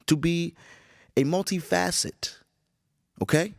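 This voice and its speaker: A tired, groggy man hosting a casual solo podcast, rambling with profanity and animated storytelling. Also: mid-range voice, normal speed, dry recording, clean studio sound. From Chicago area. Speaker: podcast host.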